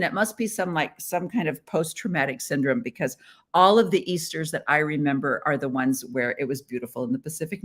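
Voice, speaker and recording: Playful middle-aged woman host from the Midwest, chatty on a webcam live stream, voice sits a bit low. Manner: chatty and playful, with frequent laughs. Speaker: podcast host. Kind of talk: casual live-stream chat.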